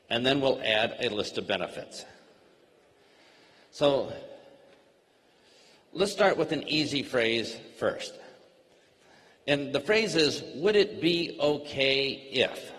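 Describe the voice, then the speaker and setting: Brief: male trainer, mid-pitched, slow clear teaching delivery, long reverb. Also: sing-song, fairly bright tone. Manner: slow, plainly worded, acts out sample dialogue. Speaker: network marketing trainer. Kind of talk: slow, simple teaching talk.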